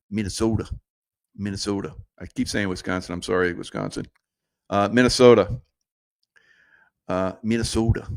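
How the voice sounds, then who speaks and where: Lower-pitched man in rambling commentary. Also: clean tone, no room sound. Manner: rambling, digressive, laughs at own jokes. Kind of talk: casual political commentary.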